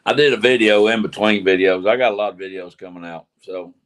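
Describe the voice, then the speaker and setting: A man's voice: on the low side, steady tone, quick pace, a bit bright. A man hosting a casual group livestream, joking and rambling, laughing at his own jokes. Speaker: livestream host, motorcycle vlogger. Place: outdoors at night, windy.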